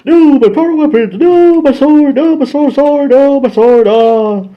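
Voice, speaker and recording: A man voicing panicking teen heroes in a shrill, squealing falsetto. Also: unhurried, highs cut off. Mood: panicked. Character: panicking teen heroes shrieking in high voices.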